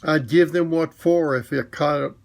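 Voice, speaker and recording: A man's voice: on the high side, measured pace, vocal fry. A man voicing a humble male London cab driver with a Cockney accent in a storybook reading, speaking in a hesitant, plain working-class way.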